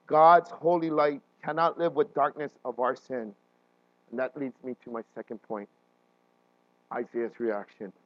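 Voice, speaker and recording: A man preaching a sermon as a pastor, animated and often checking in with his listeners, with frequent restarts and fillers. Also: a little high, dry recording, highs cut off.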